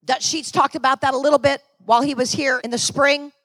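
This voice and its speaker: A woman's voice: high-pitched, fairly even intonation, brisk, a bit bright, no room sound. A middle-aged woman from Florida preaching a sermon to her church with energy, calling out to the congregation. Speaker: pastor.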